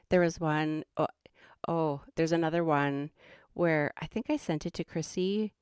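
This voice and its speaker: Low-voiced chatty Minnesotan woman. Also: slow, long pauses, a little mellow, clean tone, no echo, clean studio sound. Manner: rambling and chatty, laughs often. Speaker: host. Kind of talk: casual livestream chat.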